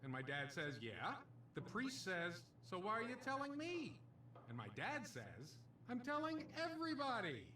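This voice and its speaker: A man's voice: sits high, wildly swooping pitch, measured pace, reverberant, far from the mic, a little hiss or hum, full character voice. An actor playing a cheesy male casino stand-up comedian, delivering punchy jokes and doing comic voices. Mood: brash.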